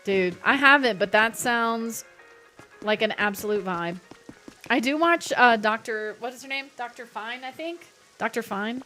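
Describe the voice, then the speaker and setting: A woman's voice: fairly high pitch, lively intonation, moderate pace, a bit bright, soft background music. A young adult woman chatting casually while streaming a game, playful and talkative as she reads chat aloud. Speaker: livestreamer.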